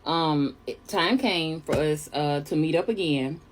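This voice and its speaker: A young woman from New York telling a chatty storytime tale, animated and calling listeners honey. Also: deep voice, measured pace. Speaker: storyteller vlogger. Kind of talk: casual storytime monologue.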